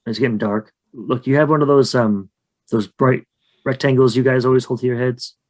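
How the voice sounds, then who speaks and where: A man's voice: mid-range voice, fairly even intonation, normal speed, darkish tone, close to an everyday voice. A man voicing a shy, huge, hairy male skunk ape who lives in a swamp cave, talking in a flustered, rambling, hesitant way. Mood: awkward.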